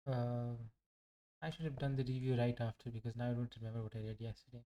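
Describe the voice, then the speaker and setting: A man's voice: mid-range voice, level tone, quick pace, mellow, dull audio. A young man casually reviewing his day trades, rambling, joking and poking fun at himself as he talks. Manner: rambling, joking and self-mocking. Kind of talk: casual live trading commentary.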